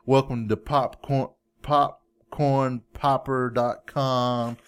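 A man's voice: mid-range voice, flat delivery, slow, clear, resonant tone. A man co-hosting a podcast in casual chat, playful and teasing, with a mid-range voice. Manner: playful, teasing, repeats jokes. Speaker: podcast co-host.

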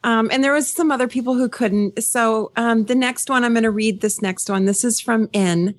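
A woman runs a live online call and reads out messages from friends, pausing with fillers. She keeps a friendly, slightly emotional tone. The sound is dry and close. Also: on the high side, no echo. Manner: friendly, with many fillers, tearing up while reading. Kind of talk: hosting a live call, reading messages aloud.

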